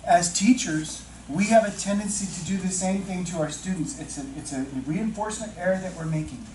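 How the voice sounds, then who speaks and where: A man leading a teacher-mentoring workshop, chatting with the audience, asking questions and slowing down to stress key points. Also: high-pitched, a little mellow, a little hiss or hum. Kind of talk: interactive workshop talk. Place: training room with audience. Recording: echoey room, distant mic, faint ambience.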